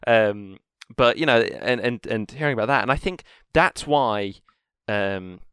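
A man chats casually on a podcast, rambling through fillers and restarts. His voice sits low and smooth. The sound is dry and close. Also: lively intonation, unhurried, a bit bright, no room sound. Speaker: podcast co-host. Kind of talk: casual chat.

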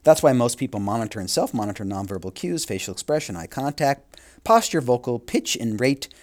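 A man teaching a course, reading from a textbook and adding quick asides, sometimes correcting himself as he reads. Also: mid-range voice, very animated. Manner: reads aloud with asides and small self-corrections. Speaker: instructor. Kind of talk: reading a textbook aloud with comments.

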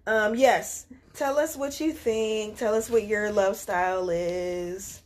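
A woman's voice: mid-range voice, steady tone, takes it slowly, a little mellow, slight background noise. Chatty woman podcast co-host. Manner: chatty, rambling, many fillers. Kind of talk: casual podcast chat.

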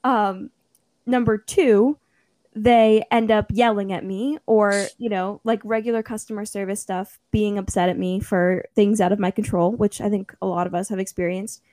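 A young woman in casual chat, telling a story with lively acted-out quotes and frequent laughter. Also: medium pitch, normal speed, no room sound. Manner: animated storytelling, acts out quotes, laughs often.

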